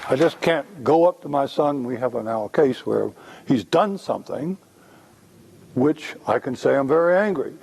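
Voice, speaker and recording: A man presenting at a workshop, explaining ideas in a relaxed, conversational way. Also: mid-range voice, a little slow, gravelly, slight background noise, low-quality recording. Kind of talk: workshop lecture with role-play demo.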